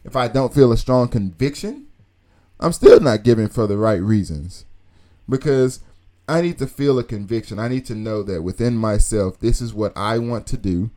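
A man's voice: medium pitch, lively intonation, normal speed, mellow. A man giving an earnest, informal teaching talk, asking rhetorical questions and repeating key phrases. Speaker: Christian speaker teaching on tithing.

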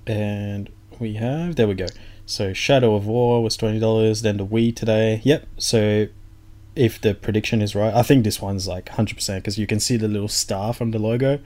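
A man's voice: fairly low pitch, steady tone, moderate pace, darkish tone. A man co-hosting a podcast, chatting casually about games in a laid-back, joking way with some swearing. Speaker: podcast co-host.

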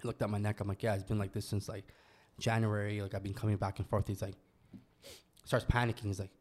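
A man's voice: on the low side, little pitch movement, fast talker. A young man from Canada telling a personal story in casual podcast chat, loose and full of slang and swearing. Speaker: guest telling his story.

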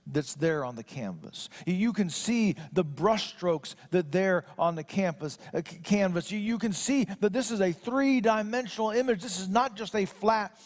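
Man preaching with a higher voice. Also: expressive. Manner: slow solemn scripture reading; conversational preaching with restarts. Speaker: pastor. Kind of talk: sermon.

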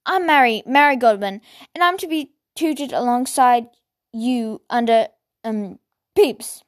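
A woman's voice: a little high, measured pace, lightly acted. A woman reading the lines of a polite, eager young girl in a storybook, formal and earnest.

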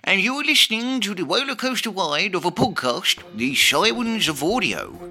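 A man's voice: high-pitched, big pitch swings, moderate pace, pushed and bright, exaggerated voice. A man voicing a jolly uncle figure who announces the show in a showy announcer manner, with music behind. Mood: jaunty.

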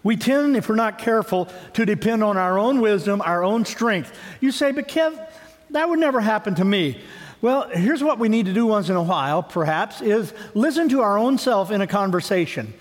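High-voiced male preacher in a reverberant hall. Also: normal speed, hardly any pauses. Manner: animated storytelling preacher, shifts between lively and hushed. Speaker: pastor. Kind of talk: sermon. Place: church with a congregation.

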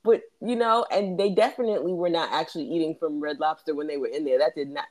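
A woman's voice: low voice, fast, a little mellow. A woman co-hosting a casual podcast recap who talks animatedly, acts out quoted lines and laughs often. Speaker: podcast co-host.

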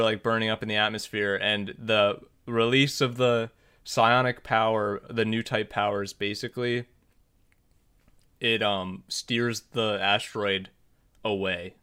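A man chatting on a podcast, retelling a film with excited energy and plenty of "like" and "uh." His voice is bright and smooth, and he jumps into the characters' lines as he goes. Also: fairly low pitch. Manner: animated, many fillers, acts out characters' lines. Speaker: podcast co-host. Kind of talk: casual chat recapping a film.

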